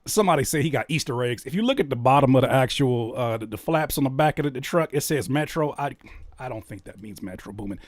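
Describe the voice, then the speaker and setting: A man hosting a reaction video, commenting in a casual, mocking way and getting loud when worked up. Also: mid-range voice, fast, no echo, clean studio sound. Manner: animated, mocking, exclaims loudly when worked up.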